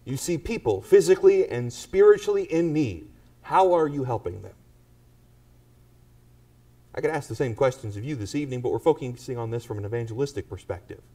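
A man's voice: medium pitch, expressive, a little fast, mellow, distant mic. A man preaching a sermon to a congregation and pressing them with pointed rhetorical questions. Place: church.

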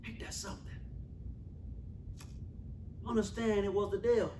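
A man preaching a sermon in a church, calling out to the congregation and repeating his phrases, swinging from shouts to hushed asides. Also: high voice, steady tone, normal speed, reverberant, distant mic, a little hiss or hum. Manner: calls out to the congregation. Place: church sanctuary.

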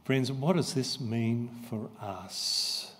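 A man preaching a sermon as pastor, slow and emphatic, repeating his key phrases. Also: mid-range voice, a bit bright. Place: church. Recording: long church reverb.

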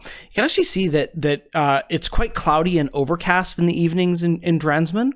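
A man narrating a tabletop game as game master, halting with many fillers and restarts. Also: on the high side, fairly bright tone.

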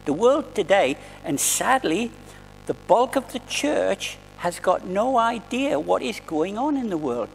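A man's voice: sits high, very animated, unhurried, gravelly, in a large hall, soft background music, poor audio. A man preaching a sermon in a church, earnest and conversational, often restarting his phrases. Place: church hall.

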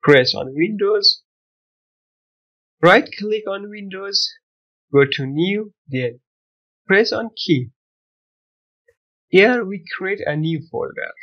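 Tutorial host, male, high voice, slow, simple broken English, dull lo-fi recording. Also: expressive. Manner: non-native English with broken grammar, step-by-step instructions. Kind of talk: screen-recorded software tutorial.

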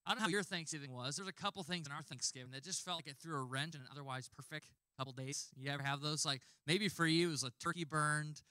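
A male pastor in his thirties delivers a sermon in a relaxed, conversational way, telling personal stories with animation. His voice is bright and a little high. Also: quick pace, hardly any pauses.

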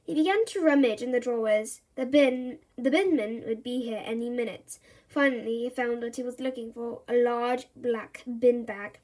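A woman's voice: a little high, moderate pace. Woman reading a children's story aloud. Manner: animated, expressive storytelling. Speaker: storybook reader.

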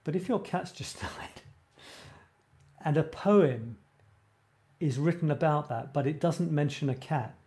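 In a warm, fairly high voice and a slightly slow pace, the host of a creative writing show chats casually on a live stream. He tends to ramble, leaving sentences unfinished and laughing at himself.

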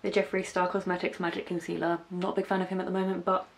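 Her voice is on the low side, with vocal fry, a flat delivery and a quick pace. She's a young makeup vlogger from the West Country with a light accent from the area, casually walking through a tutorial step by step and slipping in self-deprecating remarks.

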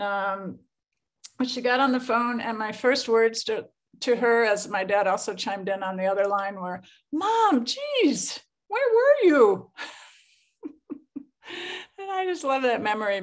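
A woman in her sixties telling a personal story at a webinar, laughing often and acting out quoted lines. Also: medium pitch. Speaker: guest speaker. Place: webinar talk, home setting.

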